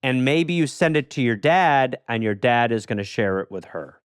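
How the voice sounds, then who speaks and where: A man co-hosting a comedy advice podcast, riffing quickly and giving advice to a caller. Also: medium pitch, expressive, smooth, no room sound, clean studio sound. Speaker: podcast co-host. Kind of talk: comedic casual chat.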